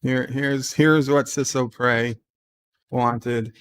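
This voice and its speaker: A man's voice: medium pitch, fairly even intonation, extremely slow, clear, resonant tone. A man hosting a casual livestream who reads out viewer messages and rambles with sardonic asides and frequent restarts. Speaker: livestream host.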